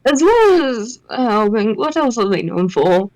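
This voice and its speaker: A woman's voice: fairly high pitch, sing-song, unhurried, darkish tone, dry recording, poor audio. A woman playing a tabletop game, talking in a dry, skeptical way. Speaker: player.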